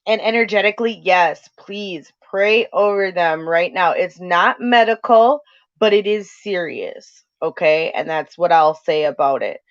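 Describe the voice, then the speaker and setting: A woman from North Dakota co-hosting a casual livestream chat, talking in quick bursts. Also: lowish voice, no echo. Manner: chatty, talks fast in bursts. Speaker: co-host. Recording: dull lo-fi stream audio.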